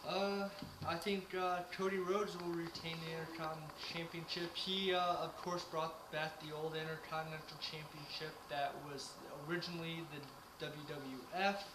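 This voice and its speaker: A man's voice: fairly high pitch, flat delivery, normal speed, hardly any pauses. A man co-hosting a casual wrestling chat, giving his picks hesitantly with many fillers. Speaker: co-host. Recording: echoey room with noise.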